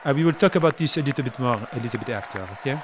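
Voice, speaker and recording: A man's voice: medium pitch, very fast, crowd noise, background noise. A man streaming live and reacting to an awards show with casual, joking commentary, often laughing. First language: French. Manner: joking, laughing, teasing remarks.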